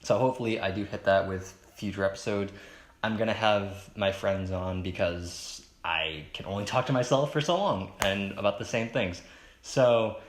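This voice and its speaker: A young man with a lowish, fairly monotone baritone hosts his own podcast alone. He rambles in a chatty, self-conscious way, stumbling, restarting and filling pauses. The recording sounds roomy and echoey. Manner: rambling, hesitant, with fillers and restarts. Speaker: podcast host. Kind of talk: solo casual podcast monologue.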